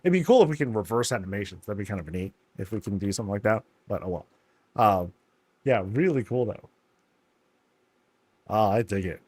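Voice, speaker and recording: A man's voice: lowish voice, expressive, a little fast, pauses often, darkish tone, husky, no echo. A man casually commenting on a game, telling stories animatedly with slangy asides. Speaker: game streamer.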